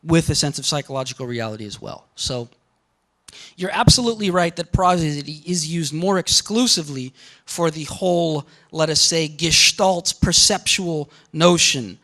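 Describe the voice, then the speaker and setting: A man's voice: on the high side, moderate pace, bright, forceful tone. A man lecturing on linguistics to a class, thinking aloud with frequent restarts and fillers as he explains ideas. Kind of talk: university lecture.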